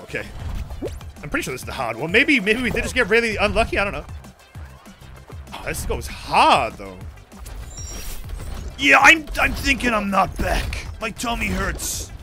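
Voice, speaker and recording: A young man streaming a game, chatting in a rambling, excitable way with sudden shouts and swearing. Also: sits high, moderate pace, long pauses, over music. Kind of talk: casual chat while gaming.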